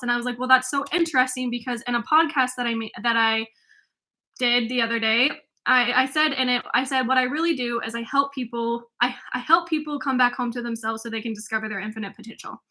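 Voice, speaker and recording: A woman in her twenties who works as a life coach and podcast host talks quickly in a fairly high, sharp voice. Her solo monologue rambles, heavy with fillers and frequent restarts.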